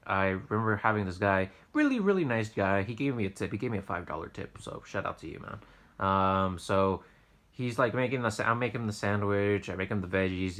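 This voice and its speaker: A man's voice: fairly low pitch, a bit bright. A young man casually telling profane, rambling stories from his sandwich shop job, with frequent stammered restarts. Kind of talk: casual storytelling vlog.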